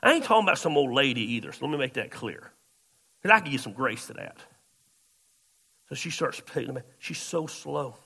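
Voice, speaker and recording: A man preaching a sermon through a long personal story. His voice is gravelly and bright, and it jumps from quiet, muttered asides to sudden loud exclamations. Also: mid-range voice, very animated, a little fast, long pauses. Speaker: pastor.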